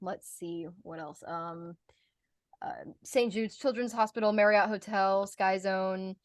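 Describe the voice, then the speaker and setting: A young American woman chatting as an interview guest about her voice-over work, animated and giggly, with many fillers and restarts. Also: mid-range voice, dry recording, studio quality. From United States. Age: young adult. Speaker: guest, voice actor and speaker. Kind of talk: casual interview chat.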